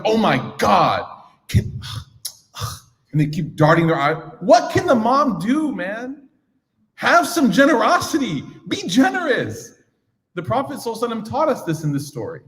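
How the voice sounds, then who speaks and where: A man teaching a young audience in a casual, joking way, acting out little scenes as he talks, recorded in a large echoing hall. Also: on the high side. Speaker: religious teacher. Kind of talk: lively talk to a young audience. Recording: echoey hall reverb.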